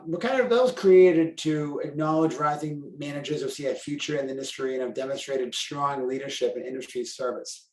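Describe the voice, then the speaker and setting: A man's voice: a little high, darkish tone, recorded from a distance. A man with a Boston accent talks through a podcast in a loose, rambling way, full of fillers and restarts. His voice sits a little away from the mic and bounces around a roomy space. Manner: chatty, self-deprecating, talks in run-on sentences with fillers. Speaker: carwash operator and convention co-chair. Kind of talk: casual podcast chat.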